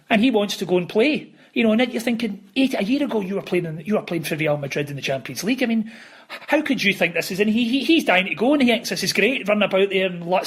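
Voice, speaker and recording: A man's voice: high voice, fairly bright tone, breathy edge. A man, an author guest on a podcast, telling anecdotes in a rambling way with many restarts. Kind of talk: casual podcast interview, storytelling.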